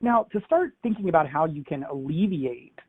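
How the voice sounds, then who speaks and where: A man delivers a webinar presentation in a fairly high voice, loose and conversational, with plenty of fillers and emphatic asides. The sound is thin and narrow, like it is coming through a phone. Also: lively intonation, normal speed, breathy edge. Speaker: industry analyst presenting a webinar. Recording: tinny phone-like line.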